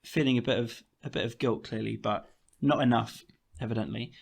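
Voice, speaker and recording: A man co-hosting a podcast, chatting in a dry, measured way. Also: mid-range voice, steady tone, creaky. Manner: dry, measured, quoting lyrics. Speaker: podcast co-host. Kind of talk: casual chat.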